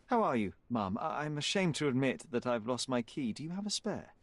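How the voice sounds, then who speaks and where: Sherlock Holmes, a lively detective. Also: male voice, mid-range voice, fairly quick, no room sound. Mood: polite. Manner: precise, deductive. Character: sharp, composed male detective. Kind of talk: video game voice acting.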